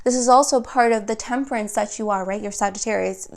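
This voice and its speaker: Young woman, fairly high voice, tarot reader; talks fast, restarts and loops phrases. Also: gravelly. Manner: flowing, rapid, repeats and restarts phrases. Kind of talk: spiritual tarot reading.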